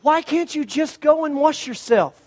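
A man's voice: very high-pitched, lively intonation, a little slow, darkish tone, voice pushed up. A man preaching, voicing a nervous servant who pleads and coaxes his master. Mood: pleading. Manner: coaxing, pleading. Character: pleading, timid servant of a commander.

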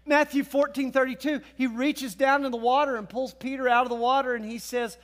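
A man's voice: very high-pitched, a little fast, hardly any pauses. A man preaching a sermon as pastor, in a conversational style, acting out the voices of biblical figures.

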